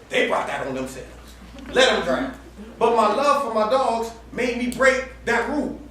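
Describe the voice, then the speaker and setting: Animated preacher man, high voice, echoey hall. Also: moderate pace, a little hiss or hum. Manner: animated, laughing storyteller with colloquial speech. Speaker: campus ministry preacher. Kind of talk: storytelling sermon. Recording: echoey room heard from far off.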